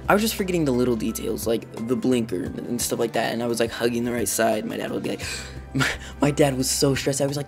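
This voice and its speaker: Excitable teenage boy telling a story. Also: medium pitch, fast talker, over music. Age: teens. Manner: excitable, rambling, heavy use of "like". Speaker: vlogger. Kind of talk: storytime vlog.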